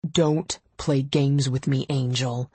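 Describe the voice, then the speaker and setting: Curt billionaire husband, low and slow, dry recording. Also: female voice, fairly even intonation, mellow, slightly rough, no echo, exaggerated voice. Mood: brusque. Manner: brusque and clipped.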